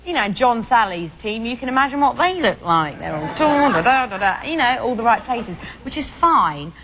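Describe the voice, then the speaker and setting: A British woman from England, a talk show guest chatting casually and telling animated stories. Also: on the high side, normal speed, crowd noise, background noise. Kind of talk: casual chat.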